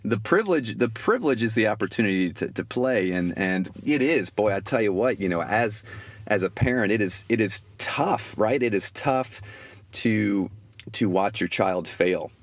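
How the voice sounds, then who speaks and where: A man with a very low voice hosts a podcast interview, talking in a relaxed and reflective way. He often repeats words and fills pauses as he thinks aloud. The recording is dry and close, with no room sound. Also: no echo. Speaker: podcast host. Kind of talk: conversational interview.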